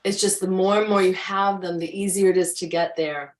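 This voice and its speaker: A woman co-host on a video call chats casually about spiritual growth, reflective and meandering, acting out her own inner thoughts. Her medium-pitched voice is steady and brisk, and the distant mic picks up an echoey room.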